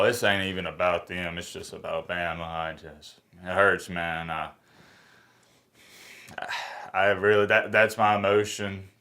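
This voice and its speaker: A man, a sports YouTuber, talking in a dejected, halting way, sighing and close to tears in a reaction vlog. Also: sits low, a bit bright.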